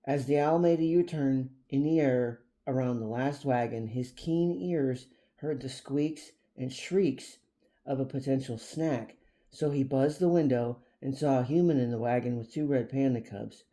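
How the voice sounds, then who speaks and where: A man narrating an original animal storybook aloud at an unhurried, even pace. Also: mid-range voice.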